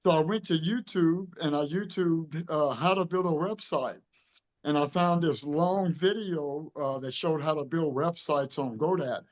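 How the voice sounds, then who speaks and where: A man's voice: a little high, a little slow, muffled recording. A man in his fifties from Louisiana, telling his story in an interview with earnest emotion and acting out the dialogue. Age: 50s. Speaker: truck show director being interviewed.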